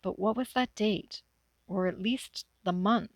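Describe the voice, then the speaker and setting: A woman from Northwestern Ontario reading her own adventure story aloud in a measured, expressive way. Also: mid-range voice, dry recording, poor audio. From Northwestern Ontario, Canada.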